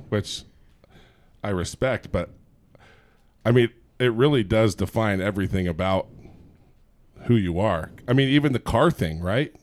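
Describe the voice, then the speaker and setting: A man's voice: fairly low pitch, expressive, unhurried, pauses often. A man hosting a podcast, speaking reflectively in casual conversation. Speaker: podcast host. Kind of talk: casual interview chat.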